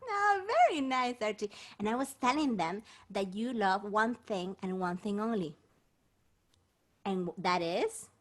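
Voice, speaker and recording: A woman's voice: medium pitch, expressive, measured pace. A woman hosting a bilingual children's show, playful and encouraging as she talks to the kids. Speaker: children's performer.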